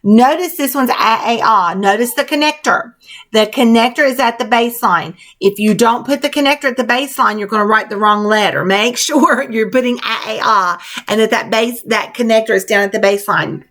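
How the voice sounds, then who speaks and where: Woman, teacher, spelling lesson for kids, slow and clear, encouraging, fairly high voice. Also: a bit bright. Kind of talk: spelling lesson for young children.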